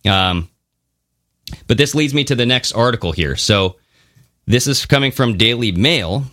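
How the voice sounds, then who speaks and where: A man's voice: mid-range voice, animated, measured pace, bright, forceful tone, no echo, studio quality. A man co-hosting a podcast, talking casually and animatedly, swearing now and then and mocking others in funny voices. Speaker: podcast co-host. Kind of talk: casual conversational podcast talk.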